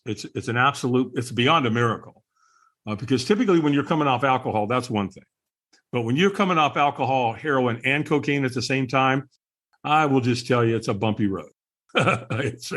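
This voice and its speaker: A man's voice: mid-range voice, a bit bright. A middle-aged man, a podcast guest, candidly telling his personal story in conversation, earnest and chuckling now and then.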